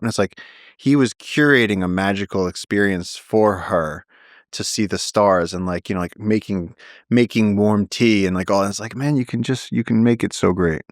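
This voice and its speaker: A man with a low voice talks as a podcast guest. He tells stories in an animated, tumbling way, circling back and restarting his phrases. The sound is dry and close, as if from a studio mic. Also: moderate pace, no echo. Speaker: guest, naturalist. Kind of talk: casual storytelling conversation.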